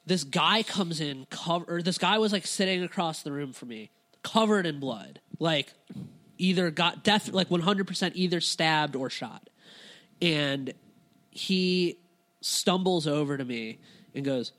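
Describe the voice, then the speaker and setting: A man in casual podcast chat telling a rambling story, animated and swearing, laughing as he talks. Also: fairly high pitch, moderate pace. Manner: animated, laughs through his own stories, swears.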